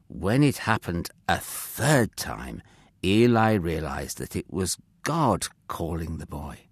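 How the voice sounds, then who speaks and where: A man narrating a Bible story for children in an expressive, gentle way, speaking directly to young listeners. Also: low-pitched, takes it slowly, slightly rough, no room sound, clean studio sound.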